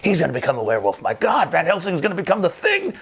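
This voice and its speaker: A man's voice: fairly high pitch, huge pitch swings, fast talker, fairly bright tone, faint music behind. A man hosting a casual movie review show, recapping the plot with jokes, exasperated asides and casual swearing.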